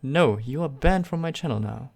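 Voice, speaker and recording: A man's voice: medium pitch, animated, moderate pace, gravelly, darkish tone. A young man with a German accent who is native to German. He hosts a casual live stream and reads out chat questions, answering with sarcastic jokes and frequent laughter. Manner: sarcastic, joking, laughs often. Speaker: YouTube channel host.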